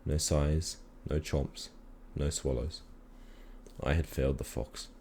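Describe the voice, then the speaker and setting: Very deep-voiced man reading a story. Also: gravelly, slight background noise. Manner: calm, measured storytelling. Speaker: reader. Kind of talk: reading a children's story aloud.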